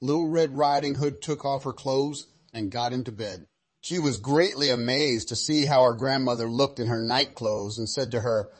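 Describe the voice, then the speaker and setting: Man, storyteller, fairy tale reading, measured cadence, middle pitch. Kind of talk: fairy tale read-aloud narration.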